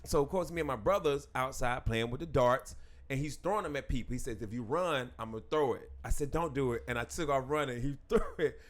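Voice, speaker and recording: A man, a headlining stand-up comedian, telling animated stories backstage, laughing through his punchlines. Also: medium pitch, fairly quick. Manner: lively, acts out voices, laughs through punchlines. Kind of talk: animated storytelling in backstage chat.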